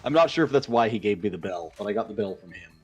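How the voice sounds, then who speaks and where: A man's voice: on the low side, expressive, fast talker, a little mellow, slightly rough. A man co-hosting a let's play stream, chatting casually and retelling stories with quoted asides. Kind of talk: casual gaming chat. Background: faint game music.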